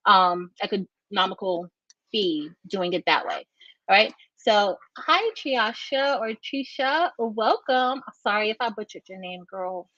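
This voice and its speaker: A woman hosting a casual craft livestream, chatty, greeting viewers by name with bursts of high excitement. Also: dry recording. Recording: dry, dull lo-fi sound.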